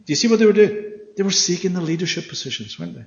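A man preaching a Bible study sermon, animated and often checking with his listeners through questions. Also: high-pitched, rapid-fire. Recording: echoey hall, dull sound.

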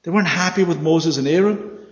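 A man preaching a Bible study sermon, animated and often checking with his listeners through questions. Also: on the high side, a little fast. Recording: echoey hall, dull sound.

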